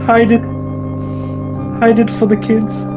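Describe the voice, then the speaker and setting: A man voicing a solemn risen Jesus, with a slight Indian accent, preaching gently. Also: completely flat delivery, slow pace, over music. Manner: solemn, preachy, sings in falsetto.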